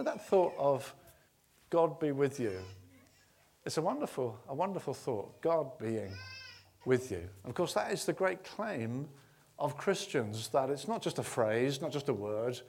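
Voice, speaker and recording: A man preaching a sermon, retelling a story with swings from quiet to loud and many restarts. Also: a little high, sing-song, moderate pace, gravelly, breathy edge.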